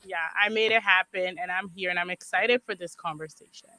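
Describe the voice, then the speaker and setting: A woman's voice: fairly low pitch, steady tone, a little fast, bright, forceful tone. A young woman guest chatting in a bubbly, giggly way. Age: young adult. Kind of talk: casual conversation.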